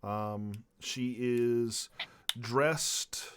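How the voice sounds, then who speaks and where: A man's voice: mid-range voice, extremely slow, background noise. A man running a tabletop game as dungeon master, describing scenes in a loose, rambling way with many fillers.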